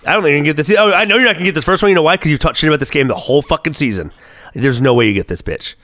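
A man's voice: a little high, racing, dry recording. Guy co-host, swears constantly, voice swings all over, dry close sound. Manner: excitable, heavy swearing, thinks aloud. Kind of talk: casual podcast chat, quiz game.

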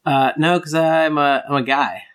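A young man, co-hosting a casual chat, relaxed, laughing easily and saying "like" a lot. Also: a little high, measured pace, clear, resonant tone. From United States. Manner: relaxed, laughs often, lots of "like" fillers. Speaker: podcast co-host.

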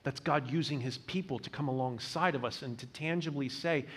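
A male pastor preaching a sermon in an earnest way, repeating words as he builds a point and dropping to a hushed voice on tender lines. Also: medium pitch, a little fast, hardly any pauses, breathy edge.

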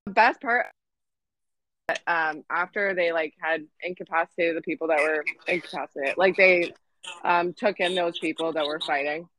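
A woman's voice: on the low side, moderate pace, a bit bright, dry recording. A young Canadian woman with a Canadian accent, telling a story on a podcast in casual chat, swearing, laughing and acting out quotes. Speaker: podcast co-host.

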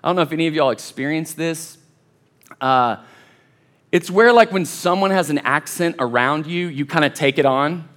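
Chatty pastor, fairly high voice. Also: male voice, moderate pace, fairly bright tone. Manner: chatty and self-deprecating, addresses crowd as y'all. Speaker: college pastor. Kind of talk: casual sermon. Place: church service.

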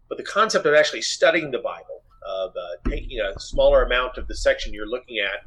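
A man in a casual Bible study discussion who speaks in a measured, careful way. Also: mid-range voice, fairly bright tone, breathy edge, low-quality recording. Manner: measured, careful, halting with fillers.

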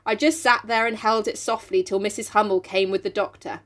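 A woman's voice: medium pitch, steady tone, brisk, a bit bright. A woman co-hosting a casual book-club podcast. She reads passages aloud, then jokes about them and laughs often. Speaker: podcast co-host reading and discussing a novel.

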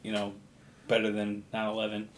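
Man, lower voice, casual movie podcast, profane plot recap, faint noise behind. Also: completely flat delivery. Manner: profane, recaps the plot with quick acted quotes. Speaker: podcast co-host.

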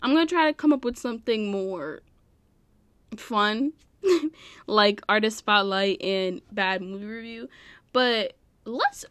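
A woman's voice: medium pitch, expressive, takes it slowly, long pauses, a bit bright, clear, resonant tone, no echo, studio quality. A young woman hosting a casual solo podcast, rambling and giggling, full of fillers. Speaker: podcast host.

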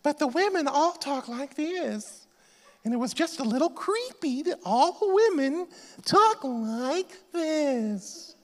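A man doing a high, airy, sing-song falsetto of a soft-spoken woman of the church. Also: lively intonation, slow, long reverb tail, full character voice. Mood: mocking.

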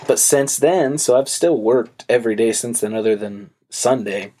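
A young man hosts a podcast in a loose, chatty way, his speech full of fillers and swearing. His voice sits at an ordinary middle pitch for a man. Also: normal speed, mellow. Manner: loose, profane storytelling with frequent fillers. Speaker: podcast host. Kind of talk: casual chat.

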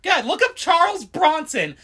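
High, bright, rambling woman. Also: sing-song, brisk. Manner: rambling, full of fillers and laughter. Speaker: podcast co-host. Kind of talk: casual chat.

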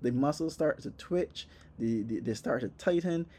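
A young man telling a comic story about a workout, animated and profane, acting out his own reactions. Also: medium pitch, moderate pace. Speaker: vlogger. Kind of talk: comedic personal storytelling.

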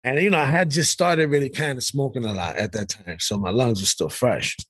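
A young man telling profane, animated stories on a podcast, often laughing. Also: mid-range voice, brisk, no echo. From Brooklyn, New York. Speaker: podcast co-host. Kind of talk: casual storytelling chat. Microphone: podcast microphone.

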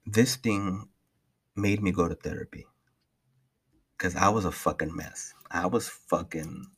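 A man's voice: low-pitched, a little slow, a bit bright, slightly rough. A young man casually talking through a solo podcast update, rambling with heavy swearing and many restarts. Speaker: podcast host.

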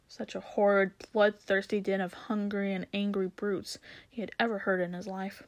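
A woman narrating a children's novel aloud in a steady storytelling way, with the odd stumble and restart. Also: medium pitch, moderate pace.

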